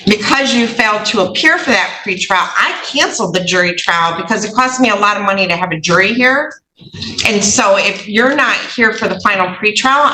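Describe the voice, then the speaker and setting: A woman's voice: medium pitch, bright, forceful tone, slight background noise. Stern female judge, echoey courtroom. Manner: firm, stern, procedural. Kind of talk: courtroom proceedings.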